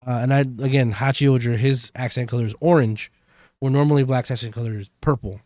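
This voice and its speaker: Casting note: man in his own voice, mid pitch, rambling podcast recap, dry close sound. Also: fairly even intonation, quick pace, dark tone, dry recording. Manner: rambling, many fillers. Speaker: podcast co-host. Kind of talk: casual chat recapping a TV episode.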